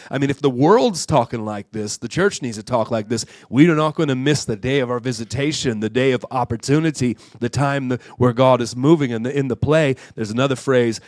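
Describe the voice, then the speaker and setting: A man's voice: mid-range voice, brisk, hardly any pauses, darkish tone, dry recording, clean studio sound. A man preaching a sermon at a church conference, repeating and restarting words as he builds to fervent, rising calls. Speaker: guest preacher.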